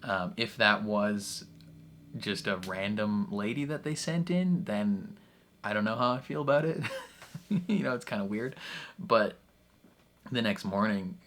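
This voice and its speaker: A man's voice: fairly low pitch, unhurried, long pauses, a bit bright, slight background noise. A man hosting a reaction video, talking casually with lots of fillers and frequent laughter. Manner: chatty, full of fillers, laughs often.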